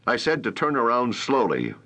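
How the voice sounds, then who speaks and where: A man doing a gruff, growling rancher. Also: mid-range voice, wildly swooping pitch, moderate pace, pushed and bright, pitched above the performer's own voice, exaggerated voice. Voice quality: rough, growling. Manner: snapping, sarcastic. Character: rough angry male rancher, suspicious.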